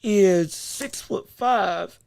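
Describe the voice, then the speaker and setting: A man hosting a podcast, in an animated, exaggerated sports rant that swings between playful fury and laughter, often stumbling over his words. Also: high-pitched, drawn-out words, gravelly, no room sound. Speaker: podcast host.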